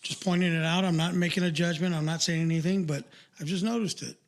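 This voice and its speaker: A man's voice: a little high, steady tone, quick pace. An older man co-hosting a podcast, chatting casually and rambling with lots of fillers and restarts. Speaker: podcast co-host.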